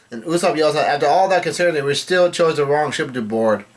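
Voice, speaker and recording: A man giving a casual read-through of a comic chapter, relaying the characters' lines in a plain voice and often correcting himself as he goes. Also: a little high. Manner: halting, self-correcting delivery. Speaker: manga chapter recapper.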